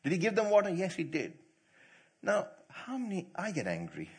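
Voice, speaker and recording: A man preaching to church leaders, quizzing the audience and telling stories with animated delivery. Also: high voice, normal speed, husky. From not from India. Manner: animated, asks the audience questions, laughs easily. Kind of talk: sermon.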